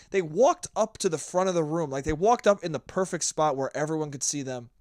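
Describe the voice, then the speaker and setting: A young man talks alone into the mic, ranting bluntly and swearing freely. His pitch sits a bit high and swings widely as he gets worked up. The sound is dry and close, with no room around it. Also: no room sound. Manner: blunt, profane, ranting storyteller. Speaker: podcast host. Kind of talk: solo podcast monologue.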